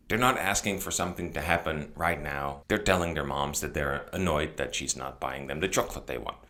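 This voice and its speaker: A man with a Dutch accent, a native Dutch speaker, calmly explaining a language lesson and acting out example sentences. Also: sits low. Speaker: language teacher.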